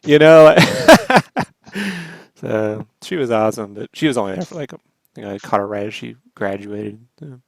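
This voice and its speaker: An American man in casual chat, animated, laughing often and swearing freely. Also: lowish voice, moderate pace, creaky, no echo. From United States. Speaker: co-host. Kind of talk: casual chat while drawing.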